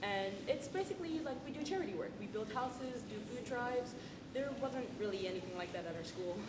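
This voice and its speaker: An eager teen girl applicant, played by a student on a school stage, high-voiced and quick to apologize, stammering over her words. Her voice rings through an echoey hall, picked up from a distance with audible hiss. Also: animated, close to an everyday voice. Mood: modest. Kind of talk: school stage play acting. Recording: echoey hall, far from mic.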